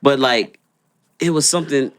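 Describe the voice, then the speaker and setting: At a normal speed, a young podcast co-host rambles through a casual chat, relaxed and heavy on fillers. His mid-range voice has a clean tone in a dry recording.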